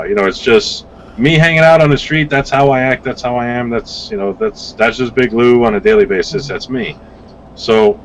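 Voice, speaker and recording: A man of ordinary pitch talking casually as a podcast guest. He rambles, acts out what people said, and swears freely. A faint hiss sits under his voice. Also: low-quality recording. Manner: rambling, animated storytelling with swearing. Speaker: guest vape reviewer.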